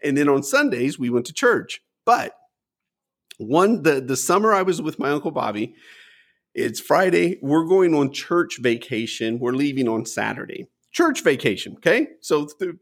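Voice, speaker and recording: A middle-aged man telling a story in casual chat, acting out the people he quotes with big jumps in pitch. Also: moderate pace. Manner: animated, acts out quotes with lively pitch jumps. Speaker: guest storyteller.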